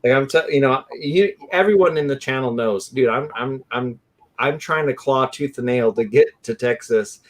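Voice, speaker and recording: An excitable man hosts a late-night barbecue livestream. He rambles from one story to the next and throws in "dude" constantly. His voice sits at an ordinary middle pitch for a man. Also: moderate pace. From California. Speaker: host of a live barbecue show. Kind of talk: casual live-stream chat.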